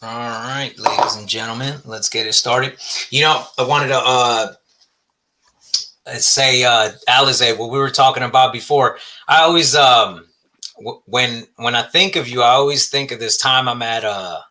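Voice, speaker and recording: A man's voice: mid-range voice, normal speed, bright, forceful tone. A middle-aged man hosting a podcast, chatting casually in a laid-back, profane way and telling stories. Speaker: podcast host.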